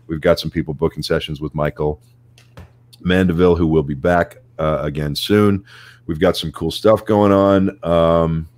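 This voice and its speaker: Very deep-voiced man, dry sound. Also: dry recording. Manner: upbeat, plugging the show. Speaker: podcast co-host. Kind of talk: casual podcast chat.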